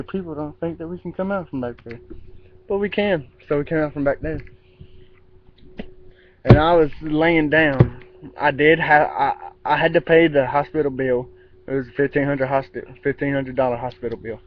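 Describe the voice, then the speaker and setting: Man, higher-pitched, rambly storyteller who mimics sounds, dull lo-fi outdoor recording. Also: fairly even intonation, normal speed, slight background noise. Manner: rambling, with restarts and imitated sound effects. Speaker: vlogger. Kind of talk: casual spoken anecdote. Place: outdoors in a yard. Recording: dull lo-fi with faint outdoor ambience.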